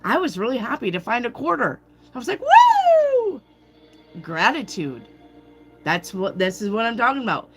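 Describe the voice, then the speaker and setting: A woman's voice: medium pitch, big pitch swings, a little fast, fairly bright tone, soft background music. A woman giving a casual live tarot reading, chatty and swearing freely as she calls out viewers by name. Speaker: tarot reader.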